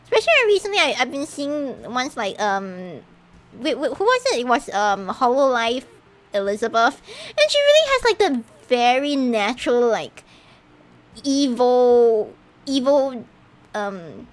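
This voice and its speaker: A woman streamer chatting casually over her gameplay, giggly and animated, often tripping over her words and restarting. Her voice sits fairly high and swings widely in pitch. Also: measured pace.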